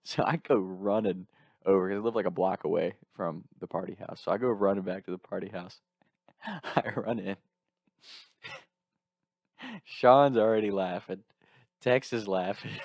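A man in his twenties casually telling an animated story, laughing through it. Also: lowish voice, moderate pace, creaky, no echo, clean studio sound.

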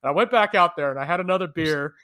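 A man's voice: fairly high pitch, fast, sharp tone. A man, a podcast co-host from the United States, animatedly telling travel stories in a casual chat, laughing often.

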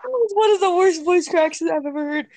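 Teen boy co-host, high-pitched, dry and close, teasing and nosy. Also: normal speed, darkish tone, dry recording. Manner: teasing, giggly, asks nosy questions. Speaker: podcast co-host. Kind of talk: casual chat.

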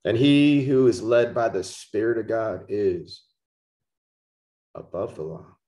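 A man preaching a podcast sermon, slow and emphatic, repeating key words for stress. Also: on the low side, lively intonation, warm tone. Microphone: podcast microphone.

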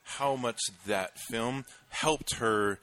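Bright-voiced man telling a story animatedly. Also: mid-range voice, very slow. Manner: animated storyteller, laughs while telling, many fillers. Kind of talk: casual chat.

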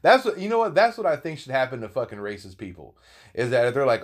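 A young man running his own podcast, riffing loosely and swearing freely as he gives blunt opinions. His voice sits at an everyday middle pitch, and his delivery stays casual and meandering. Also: sing-song, quick pace. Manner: profane, rambling, opinionated. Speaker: podcast host. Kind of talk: casual solo podcast talk.

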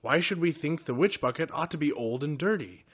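A man voicing a plucky, fat little male goblin who gets excited and argues back, in a storybook reading. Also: fairly high pitch, brisk, husky, dull audio, voice pushed up. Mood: eager.

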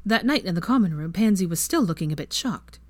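A woman's voice: fairly low pitch, quick pace. A woman narrating a fan fiction story as its reader. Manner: expressive storytelling. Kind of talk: scripted narration.

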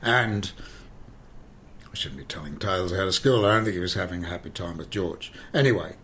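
An actor, telling rambling, animated anecdotes in an interview and often repeating himself. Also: male voice, low-pitched, fairly quick, slight background noise. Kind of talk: conversational interview, storytelling.

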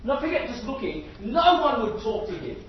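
A man with a high voice preaches to a crowded hall, telling the story with animation and asking the room questions. The sound is distant and echoey, dulled, with a faint hiss behind. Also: very animated, moderate pace, dull audio. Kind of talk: sermon. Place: large hall with an audience.

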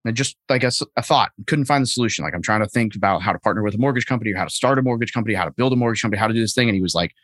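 A man with a fairly low voice talks through his habits as a podcast guest, rambling and self-deprecating, often restarting his sentences. The sound is dry and close, with almost no room around it. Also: racing, hardly any pauses, fairly bright tone, dry recording. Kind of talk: casual conversation. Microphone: remote call.

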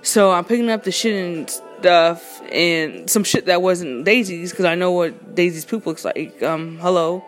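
A woman telling a casual storytime about a run-in with her neighbor, indignant and animated, full of slang and swearing, from her home. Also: fairly low pitch, measured pace, few pauses, faint music behind. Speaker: storyteller recounting a neighbor dispute.

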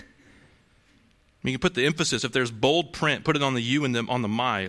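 A man's voice: mid-range voice, normal speed, pauses often, fairly bright tone. A man preaching a sermon to a congregation in a conversational way, asking rhetorical questions and restarting phrases. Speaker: pastor.

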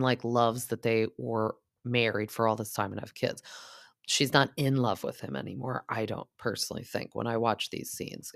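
A woman's voice: extremely low pitch, gravelly. Chatty young woman recapping reality TV. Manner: chatty, heavy use of "like", drops into a hushed aside now and then. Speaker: podcast host recapping reality TV. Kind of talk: casual chat.

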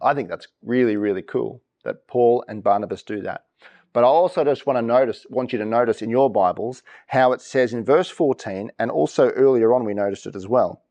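This church preacher has a medium-pitched voice and a brisk delivery. He reads verses and keeps the sermon lively and interactive by quizzing the congregation for their reactions.

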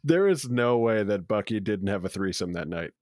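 A man's voice: lowish voice, lively intonation, moderate pace, a little mellow, no room sound, studio quality. A man co-hosting a podcast, chatting casually about a movie with crude jokes and frequent laughter. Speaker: podcast co-host. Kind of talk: casual movie-review chat.

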